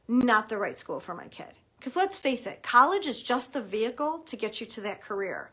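A woman's voice: on the high side, big pitch swings, normal speed, few pauses, sharp tone, husky. Emphatic middle-aged woman giving advice. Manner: emphatic, acts out quoted dialogue. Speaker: college admissions consultant. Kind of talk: advice talk to parents.

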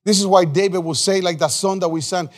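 A male pastor preaching a live sermon in a church, emphatic, repeating phrases, calling on the congregation and restarting his sentences in quick bursts. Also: sits high, steady tone.

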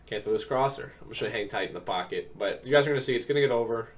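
Speaking very fast in a mid-range voice, a young man who is recovering from an illness gives laid-back video game tips full of ums. He explains plays step by step, and the distant mic picks up faint keyboard noise.

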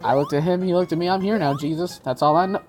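Low-voiced woman swearing through a game. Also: quick pace, darkish tone, soft background music. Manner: exasperated, swears a lot, talks to herself. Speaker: gaming video creator. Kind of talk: casual let's-play commentary.

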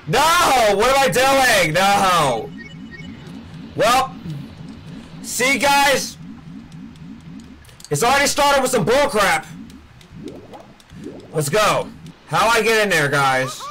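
Frustrated high-voiced man yelling at games. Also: big pitch swings, very slow, long pauses, a little hiss or hum. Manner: frustrated yelling and groaning at the game. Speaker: gaming streamer. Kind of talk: rage-quit gameplay commentary.

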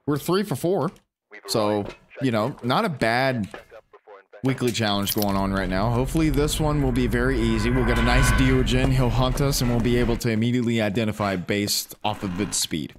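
A man giving casual, animated commentary while playing a ghost-hunting game and talking to his teammates. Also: medium pitch, normal speed, a little hiss or hum. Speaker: gaming streamer.

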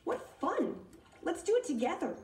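A woman voicing an excitable, curious young male pollywog in a storybook reading. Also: very high voice, moderate pace, background noise, voice pushed up, exaggerated voice. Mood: excited. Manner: wide-eyed, eager, curious. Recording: echoey room from a distance with music.

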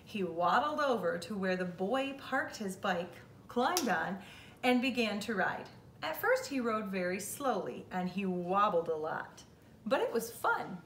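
Slow, expressive teacher reading aloud. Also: female voice, medium pitch, recorded from a distance, a little hiss or hum. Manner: slow, expressive storytelling for kids. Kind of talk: children's read-aloud. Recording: echoey room with faint ambience.

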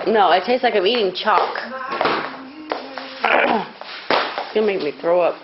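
A medium-pitched woman talks unhurriedly over loud music as she films her family indoors. Chatty and plain-spoken, she coos at a baby and tells off her kids. The dull, lo-fi home video carries background hiss.

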